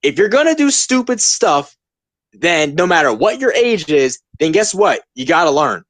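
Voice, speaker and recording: Animated ranting young man, dry sound. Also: high-pitched, normal speed, dry recording. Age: 20s. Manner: emphatic, ranting, repeats points. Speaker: podcast host. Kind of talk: casual opinion podcast.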